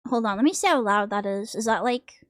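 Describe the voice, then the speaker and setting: A woman's voice: medium pitch, expressive, brisk, a bit bright, dry recording. A young woman streamer chatting casually while she draws, rambling and joking crudely. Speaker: vtuber streamer.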